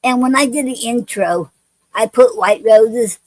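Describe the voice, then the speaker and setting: A woman hosting a poetry show, reading love poems and chatting in a halting way with many fillers and restarts. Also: fairly high pitch, darkish tone, dry recording, rough recording.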